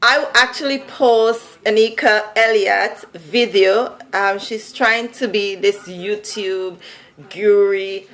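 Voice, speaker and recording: A woman's voice: medium pitch, fairly even intonation, takes it slowly, a bit bright, rough recording. A woman from Saint Vincent with a Vincentian accent, chatting casually to camera in a sing-song, musical way and laughing often. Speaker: vlogger. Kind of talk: casual monologue.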